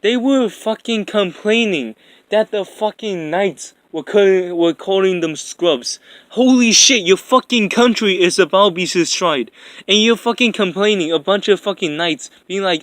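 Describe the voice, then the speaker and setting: Profane high-voiced young man ranting. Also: moderate pace, fairly bright tone, dry recording. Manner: profane, rambling, exasperated. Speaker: anime commentator. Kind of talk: ranting commentary.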